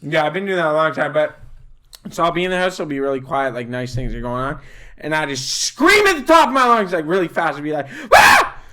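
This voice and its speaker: Animated young man in loose podcast banter. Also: on the high side, quick pace. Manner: laughs often, crude jokes, animated storytelling. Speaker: podcast co-host. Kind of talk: casual comedic chat.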